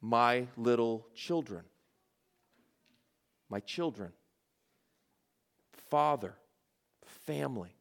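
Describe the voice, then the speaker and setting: A man's voice: mid-range voice, animated, slow, vocal fry, long pauses, fairly bright tone. A middle-aged man, a pastor, preaching a sermon in an earnest way, repeating phrases for emphasis.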